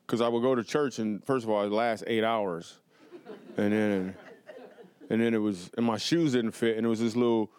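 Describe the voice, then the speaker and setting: A man doing stand-up comedy storytelling in a TV studio, animated and playful, with quick asides to the audience. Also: lowish voice. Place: television studio before a live audience.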